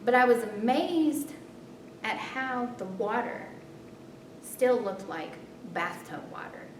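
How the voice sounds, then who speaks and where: A woman performing a spoken story, expressive, her voice jumping high in tense moments and softening when reflective. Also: slow, a little hiss or hum. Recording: roomy, distant, rumbling background.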